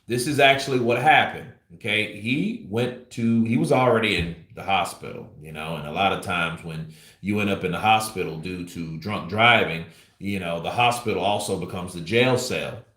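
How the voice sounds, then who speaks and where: A man's voice: deep voice, normal speed, a bit bright. A man giving casual commentary on a boxing channel, rambling and blunt with lots of fillers. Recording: roomy echo.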